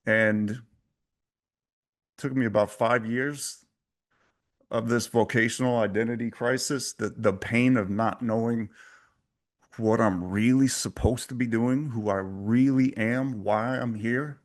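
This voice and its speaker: A man talking as an interview guest, with intense, emphatic delivery. His voice is mid-pitched, and the preacher-like drive carries through his stories. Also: steady tone, a little slow. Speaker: podcast guest, coach. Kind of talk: candid interview talk.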